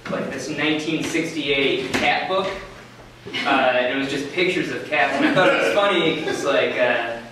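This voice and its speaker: A man's voice: mid-range voice, moderate pace, noisy background. A man in his twenties telling a story at a live story slam, rambling casually with lots of "like" and "uh" and laughing at his own tale. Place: small event venue, on stage. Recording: very echoey room from a distance, faint ambience.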